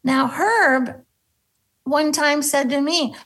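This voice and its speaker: A middle-aged woman, a former sketch comedy cast member, telling animated stories in a casual interview and acting out the quotes. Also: a little slow, vocal fry, breathy edge, low-quality recording. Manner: animated, acts out quotes, drops into a low voice for bits.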